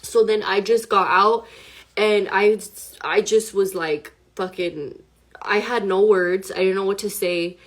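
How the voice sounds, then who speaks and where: A young woman telling her own story to the camera, rushed and emotional, swearing and filling with "like". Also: mid-range voice, fairly even intonation. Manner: rushed, profane, full of "like". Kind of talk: emotional personal account to camera.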